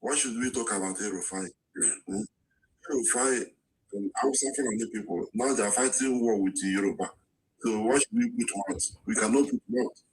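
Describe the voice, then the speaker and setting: A Nigerian man with a Nigerian accent speaks in a heated street debate with a lowish voice. He sounds accusing and dismissive, with faint noise in the background. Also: brisk, low-quality recording. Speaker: discussant.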